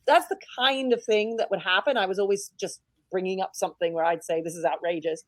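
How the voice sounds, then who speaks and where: A British head teacher, a woman, telling stories in a casual interview, outspoken and animated. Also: medium pitch, fairly quick, no echo. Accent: British English. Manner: outspoken, animated storytelling with laughs.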